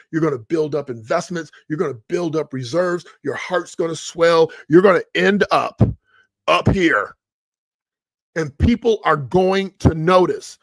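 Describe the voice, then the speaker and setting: A middle-aged man hosts a motivational live stream as a money coach, and his voice sits a little high for a man. He is punchy and emphatic and stacks repeated phrases. The sound is dry and close. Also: dry recording. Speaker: money coach and show host.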